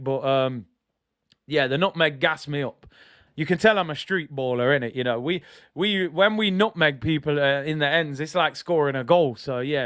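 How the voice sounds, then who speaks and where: A young man hosting a live football watch-along, reading chat and reacting loudly to the match. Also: fairly high pitch, clean tone, no room sound, studio quality. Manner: excitable, banters with chat, shouts at big moments.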